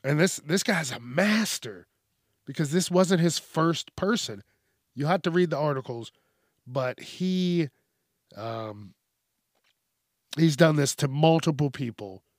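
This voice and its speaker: A man's voice: a little high, expressive, slow, pauses often, dry recording, studio quality. A man hosting a news commentary show, ranting in a profane, mocking way about news stories. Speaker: host.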